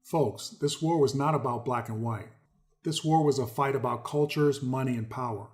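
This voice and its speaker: A man's voice: mid-range voice, normal speed, a little mellow. A man hosting a commentary video, reading articles aloud and stressing key words, often speaking to viewers as folks. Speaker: host.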